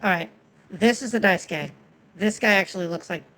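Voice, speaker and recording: A woman's voice: mid-range voice, moderate pace, a bit bright, poor audio. A woman whose first language is Japanese, giving chatty, swearing commentary on a game and talking to her chat. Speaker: streamer.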